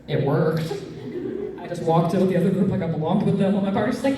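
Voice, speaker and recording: A woman's voice: lowish voice, fast, recorded from a distance. A woman hosting a live comedy panel, telling stories and acting out her own reactions in silly voices. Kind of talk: live stand-up storytelling at a convention panel. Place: convention panel room with audience. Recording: echoey room recorded from afar, audience noise. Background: audience chatter and laughter.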